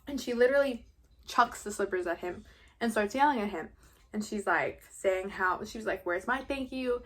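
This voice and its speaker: A woman's voice: medium pitch, expressive, moderate pace. A young woman in her late teens from New York, casually retelling a story for her vlog in a chatty, gossipy way with playful swearing. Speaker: vlogger. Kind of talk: casual story recap during a mukbang.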